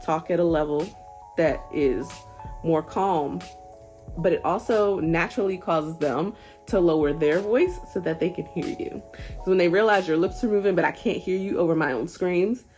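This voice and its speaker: A young woman with a somewhat low voice talks through parenting advice in an earnest, conversational way, gently encouraging the viewer. Soft music plays faintly behind her. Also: moderate pace. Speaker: parenting vlogger. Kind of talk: casual advice talk.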